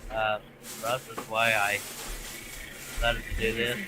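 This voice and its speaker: A man's voice: fairly low pitch, level tone, a little slow, noisy background. A man hosting a casual late-night live stream, folksy in his talk. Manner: folksy, says "by God" and "Amen".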